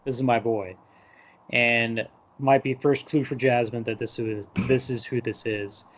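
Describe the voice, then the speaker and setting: A young man talks through a movie scene by scene on a podcast, in a relaxed conversational voice at a middle pitch. He rambles and fills his talk with "like", breaking into little impressions of the characters, and he sounds close to a podcast mic. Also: unhurried. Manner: loose, rambling recap full of "like" and mock quotes. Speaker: podcast host. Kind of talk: casual movie discussion. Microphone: podcast microphone.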